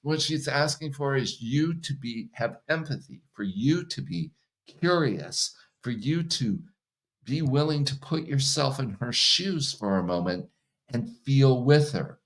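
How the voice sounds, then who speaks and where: A man who works as a hypnotherapist and coach, talking casually in an interview, relaxed and laughing often. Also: mid-range voice, measured pace. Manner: relaxed, laughs often, acts out quoted partners.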